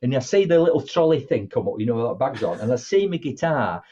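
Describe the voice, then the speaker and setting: Husky storyteller man. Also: mid-range voice, a little fast, lo-fi sound. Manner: animated, acts out dialogue in different voices. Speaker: motivational speaker, guest. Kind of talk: conversational storytelling.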